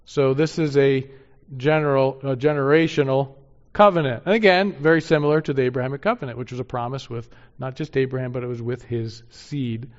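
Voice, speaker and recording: A man's voice: medium pitch, fairly even intonation. Man teaching scripture on a lo-fi recording. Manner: reads scripture aloud slowly and emphatically, asks the audience rhetorical questions. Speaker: Bible teacher. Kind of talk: verse-by-verse Bible teaching.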